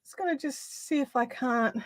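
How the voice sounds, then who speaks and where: A woman's voice: high voice, moderate pace, dry recording. An Australian woman hosting a casual live craft chat, chatty and easily amused, a little out of breath. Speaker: craft livestream host.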